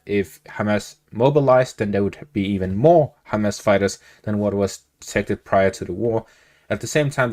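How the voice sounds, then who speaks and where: A man delivering a spoken news analysis update in a steady, measured way. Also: lowish voice. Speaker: news commentator.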